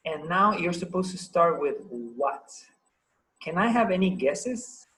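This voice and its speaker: A man's voice: fairly high pitch, lively intonation, a little slow, fairly bright tone, low-quality recording. A man with a Paraguayan Spanish accent teaching an English grammar class over a video call, patient and encouraging, asking the students lots of questions.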